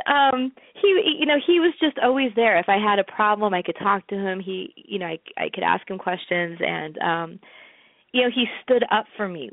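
A woman's voice: mid-range voice, gravelly, no room sound. A woman, a guest in an interview, chatting casually and telling stories with many fillers. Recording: tinny phone-like line.

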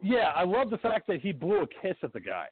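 A man's voice: high-pitched, wildly swooping pitch, brisk, breathy edge, no echo. A man co-hosting a podcast, animatedly retelling movie scenes and acting out the characters' lines. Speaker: podcast co-host. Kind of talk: casual movie recap. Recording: tinny phone-like line with faint hiss.

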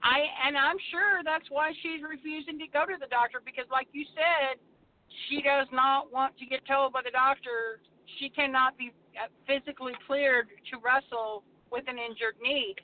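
An older woman and co-host, telling feisty, animated stories in casual wrestling chat. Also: high voice, moderate pace. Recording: tinny phone line with faint noise.

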